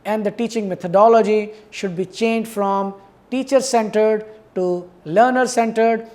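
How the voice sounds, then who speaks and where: Male university lecturer, unhurried deliberate classroom delivery. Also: high voice, fairly even intonation, a little mellow. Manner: measured, explanatory, repeats key words. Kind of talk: academic lecture.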